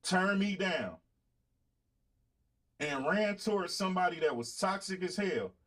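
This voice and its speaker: A man's voice: sits high, expressive, measured pace, a bit bright. A middle-aged man with a Southern US accent, hosting his own show in a blunt, boastful, profane monologue aimed at his audience. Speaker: podcast host. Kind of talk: blunt casual monologue to viewers.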